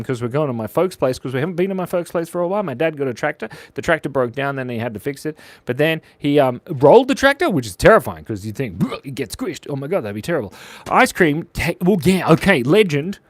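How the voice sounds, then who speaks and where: A man's voice: mid-range voice, big pitch swings, brisk, no room sound. A man hosting a casual livestream, chatting with viewers while he draws, joking and rambling with frequent laughs. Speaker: channel host and animator.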